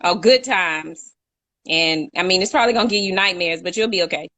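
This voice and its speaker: A woman's voice: on the low side, fairly quick, bright, forceful tone, dry recording. A young woman co-hosting a casual live chat, talkative and laughing, reading out viewer comments. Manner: chatty, laughs often, reads out viewer comments. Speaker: co-host.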